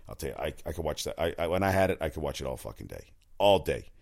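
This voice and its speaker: Man, very low voice, casual sports talk, rambling, profane, opinionated. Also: sing-song, quick pace, vocal fry, darkish tone. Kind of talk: casual sports commentary monologue.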